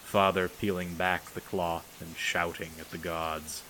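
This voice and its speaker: Deep, bright-toned male narrator. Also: little pitch movement, unhurried, slight background noise, rough recording. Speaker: audiobook narrator. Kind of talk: scripted narration.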